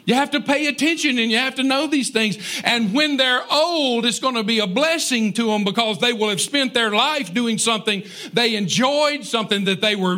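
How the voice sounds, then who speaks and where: Preacher guy, high bright voice, chatty and folksy, cracks little jokes to the crowd. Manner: folksy, conversational, with joking asides to the congregation. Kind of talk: sermon on parenting.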